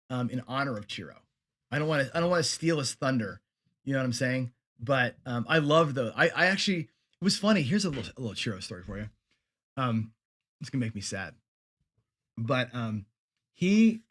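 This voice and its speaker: A man's voice: mid-range voice, fairly bright tone. A middle-aged man hosting a live lesson show, chatting casually with viewers and answering their comments, with lots of fillers and restarts. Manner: conversational, many fillers and restarts. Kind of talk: casual livestream teaching, reading viewer comments.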